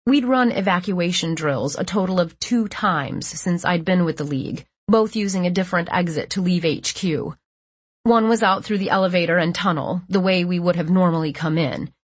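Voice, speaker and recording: Woman narrator, first-person audiobook, measured delivery, dry close-mic sound. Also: on the low side, slightly rough, no room sound. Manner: steady, measured storytelling.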